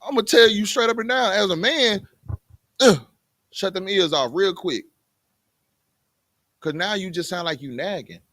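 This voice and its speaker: A man's voice: high voice, normal speed, pauses often, a bit bright, dry recording, studio quality. A man teaching a Bible class in plain everyday talk, often putting rhetorical questions to his students. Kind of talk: conversational scripture teaching.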